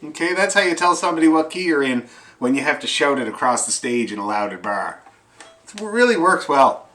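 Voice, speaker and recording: A middle-aged man teaching fiddle to an online class, explaining in a relaxed, folksy way and calling out notes loudly while he plays. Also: a little high, a little fast. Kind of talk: online group music lesson. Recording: loud fiddle music behind the voice. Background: fiddle playing.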